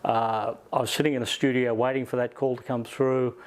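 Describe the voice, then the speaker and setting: A man's voice: mid-range voice, flat delivery, fairly quick. A middle-aged Australian man answering interview questions reflectively, with many "uh" and "you know" fillers. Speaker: interview guest, music journalist.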